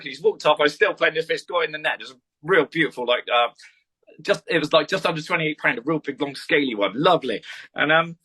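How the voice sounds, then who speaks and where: A man's voice: a little high, fast talker, sharp tone. A man, a podcast guest, rambling through a story in casual chat and swearing freely.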